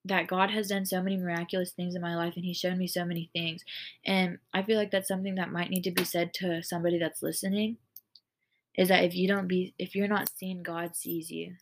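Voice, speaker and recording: Earnest woman rambling about faith. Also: fairly low pitch. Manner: earnest, rambling, heavy use of "like". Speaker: podcast host. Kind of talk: casual faith podcast monologue.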